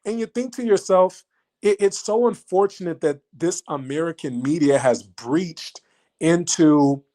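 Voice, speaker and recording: A man hosting a livestream, talking casually to his chat in an animated, mocking way and throwing repeated questions at the audience. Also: a little high, unhurried. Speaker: livestream host.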